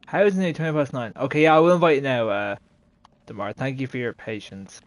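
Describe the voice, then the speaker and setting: During a laid-back gaming livestream, a fast-talking man with a medium-pitched voice banters with his friends, laughing out loud and cursing.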